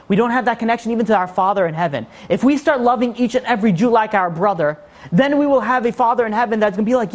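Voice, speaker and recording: A man delivers a sermon as a rabbi, telling a story animatedly and acting out its characters' voices. He has a high-pitched voice and talks fast.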